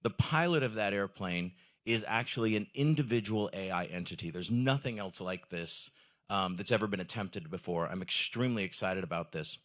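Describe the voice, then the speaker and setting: A man's voice: lowish voice, moderate pace, fairly bright tone. A man giving an enthusiastic live product presentation on a trade-show stage, with frequent ums and questions to the audience.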